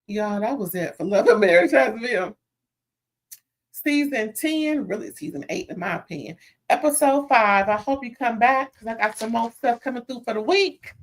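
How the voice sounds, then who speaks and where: A woman hosting a live reality TV recap, chatting straight to her viewers in a sassy, animated, casual way. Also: fairly high pitch, normal speed.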